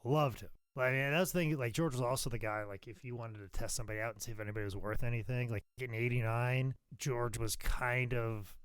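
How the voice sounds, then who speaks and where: Loud, profane wrestling podcast man. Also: medium pitch, a little fast, few pauses, smooth, no echo. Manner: animated, profane storyteller, swings loud. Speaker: podcast co-host, pro wrestling worker. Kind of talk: casual podcast chat.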